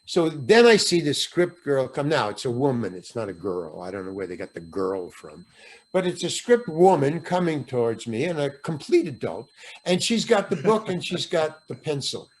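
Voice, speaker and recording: During a podcast interview, an older actor animatedly recounts a story, mimicking the voices of those he quotes and swearing freely. He has a mid-range voice and talks at a moderate pace.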